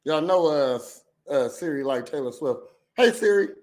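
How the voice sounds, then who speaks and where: Guy reacting to a clip, lotta uhs and restarts, kinda high voice. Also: lively intonation. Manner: halting, many fillers and restarts. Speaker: reaction video host. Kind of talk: casual reaction commentary.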